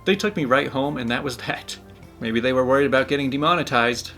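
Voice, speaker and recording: A man's voice: mid-range voice, a little fast, fairly bright tone. A man narrating internet stories in a casual storytelling style, dropping wry joking asides. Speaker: narrator reading Reddit stories. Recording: faint background music.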